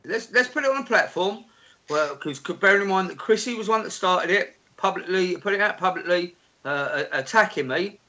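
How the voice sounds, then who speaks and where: Male guest, high, sharp, sweary and stammering. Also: animated, moderate pace, muffled recording. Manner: sweary, stammering restarts, indignant. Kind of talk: heated casual chat.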